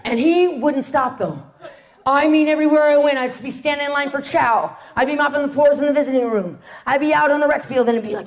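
A woman with a high, bright speaking voice delivers a testimony to a crowd. She tells it like a storyteller, jumping into voices for each person and laughing along the way. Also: fairly quick. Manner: animated storyteller, acts out quotes, laughs often. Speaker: ministry speaker sharing testimony. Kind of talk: testimony talk to an audience.

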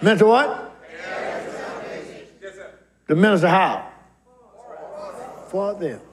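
A man preaching a sermon, fervently reading and shouting scripture lines. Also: high voice, expressive, slow, slight background noise. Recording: live church crowd behind.

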